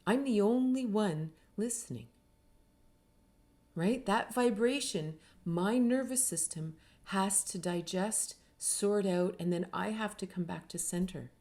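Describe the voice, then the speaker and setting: A woman's voice: medium pitch, takes it slowly, a little mellow. A middle-aged woman from Canada, an author giving an earnest, reflective talk and briefly acting out the people she quotes. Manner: earnest, acts out quoted voices. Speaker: author and speaker.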